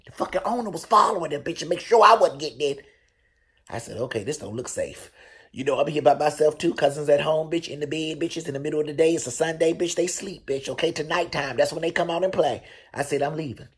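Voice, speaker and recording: A man hosting a show, telling a story casually in a profane, animated way. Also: fast, slightly rough. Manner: animated, profane storytelling with loud, high bursts. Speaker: show host.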